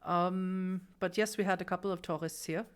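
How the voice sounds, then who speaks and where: A woman's voice: fairly low pitch, fairly even intonation, normal speed, clear, resonant tone, lightly acted. A woman voicing a defensive male innkeeper in a tabletop game, hesitant and full of fillers. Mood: evasive.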